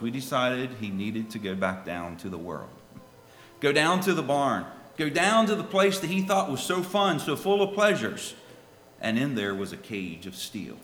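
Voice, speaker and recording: Animated man preaching in an echoey hall. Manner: animated, swinging from soft low asides to loud high pleas. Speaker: lay preacher. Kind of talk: sermon with a children's story. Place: church. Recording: echoey hall with faint ambience.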